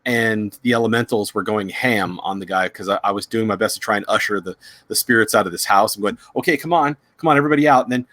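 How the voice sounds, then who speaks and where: Man, casual storytelling, halting, lots of restarts, dry close sound. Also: lowish voice, steady tone, pushed and bright, no echo. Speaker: psychic reader, show host.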